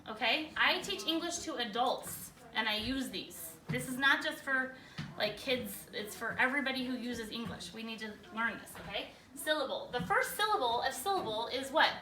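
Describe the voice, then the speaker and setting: A woman teacher leading a spelling lesson for a class, energetic, often stopping to check in with questions. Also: a little high, normal speed. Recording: echoey room, far from the mic.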